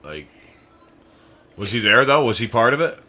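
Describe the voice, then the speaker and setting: Bright-voiced man chiming in casually. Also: mid-range voice, big pitch swings, moderate pace. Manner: short agreeing replies, searching for names. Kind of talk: casual chat.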